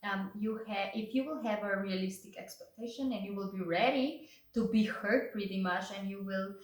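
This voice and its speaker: A woman's voice: medium pitch, moderate pace, distant mic. A young woman vlogger telling her story in casual chat, saying "like" often. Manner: chatty, says "like" often. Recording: roomy echo, away from the mic.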